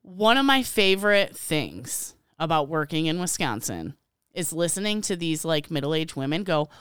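Animated woman co-host with Illinois accent. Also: deep voice, moderate pace, clear, resonant tone, dry recording, studio quality. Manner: animated, swears freely, acts out voices. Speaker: podcast co-host. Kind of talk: casual chat.

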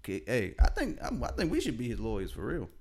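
A man's voice: mid-range voice, wildly swooping pitch, fast, a little mellow, slight background noise. A man co-hosting a podcast in casual chat, laid-back, repeating phrases and laughing often. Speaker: podcast co-host.

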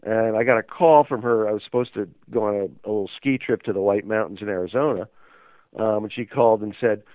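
A man's voice: lowish voice, fairly quick, no echo. A man telling a story as an interview guest, rambling and hesitant with many fillers. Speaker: interview guest, magazine owner. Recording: tinny phone line.

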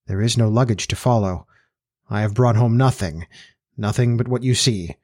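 A man voicing a solemn elderly male professor who speaks quietly and gravely, with an even, metallic ring. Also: fairly low pitch, no room sound, clean studio sound, natural voice. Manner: quiet, grave, slow and final.

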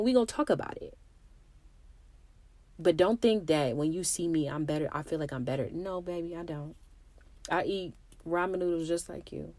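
Young woman podcast host, lowish voice, dry close mic, candid and emphatic. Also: no echo. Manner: candid, emphatic, talks straight to listeners. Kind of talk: casual motivational monologue.

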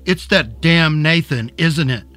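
A volatile middle-aged man, bitter and accusing, delivered slowly in a bright, clear tone, as a male narrator puts him on. Faint music sits behind the audiobook reading. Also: on the high side, no room sound. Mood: raging. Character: volatile, abusive middle-aged man, raging then sobbing.

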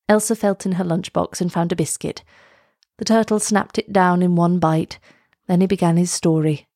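Storybook narrator: woman, low-pitched, calm clear reading, dry close mic. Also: normal speed, no room sound. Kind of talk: storybook read-aloud narration.

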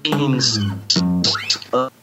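A man's voice: medium pitch, steady tone, very slow, vocal fry, over loud music. A man hosting a podcast over a video call, chatting casually and playfully teasing his co-host.

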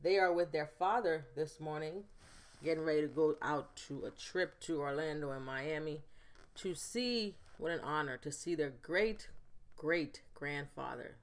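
A woman, hosting a casual solo podcast from home and telling stories with big, animated jumps in pitch. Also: measured pace. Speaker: podcast host.

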